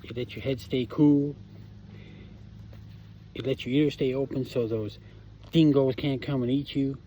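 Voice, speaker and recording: A man putting on a deliberately bad Australian accent as a jokey outback bushman, rambling and tripping over his words. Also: mid-range voice, fairly even intonation, warm tone, slight background noise, natural voice. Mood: hammy. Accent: put-on Australian.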